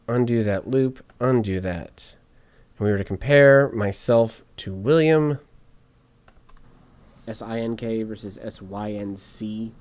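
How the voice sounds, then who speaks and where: A man walking through podcast audio editing out loud, chatty and joking to himself as he works. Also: on the low side, slow, no room sound. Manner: chatty, jokey asides while working. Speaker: podcast editor streaming his editing session. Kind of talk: casual on-screen tutorial talk.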